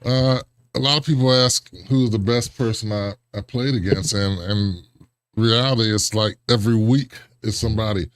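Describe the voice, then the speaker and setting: Low-voiced man telling lively stories. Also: normal speed, dry recording. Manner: animated, acts out remembered dialogue with big pitch jumps, chuckles. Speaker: interview guest, former pro football lineman. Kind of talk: casual storytelling interview.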